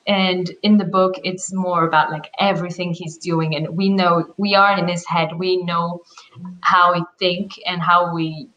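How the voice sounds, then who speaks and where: A woman guest in a casual book discussion, speaking in a measured, thoughtful way and pausing to find words. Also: lowish voice, a bit bright, muffled recording.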